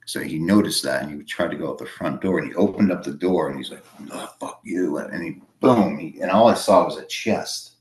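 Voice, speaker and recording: A man with a Boston accent telling a long personal story in casual chat, halting and full of fillers. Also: deep voice. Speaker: podcast guest.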